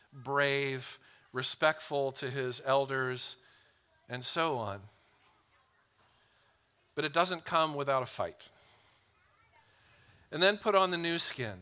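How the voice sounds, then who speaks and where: A man preaching a sermon as pastor, earnest, often repeating a word as he starts a phrase and slowing right down to read scripture. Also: a little high, pushed and bright, clean tone.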